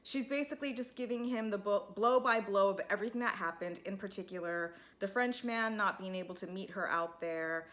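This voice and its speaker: A woman's voice: medium pitch, fairly quick, hardly any pauses, fairly bright tone. A woman giving a casual, opinionated and sarcastic recap of a reality TV episode. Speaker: TV recap vlogger.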